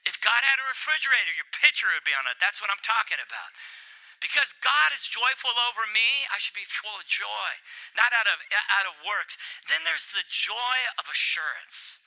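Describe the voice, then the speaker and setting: An older man preaching a sermon, animated and playful, getting worked up as he speaks. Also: high voice, normal speed, creaky, low-quality recording. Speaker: pastor.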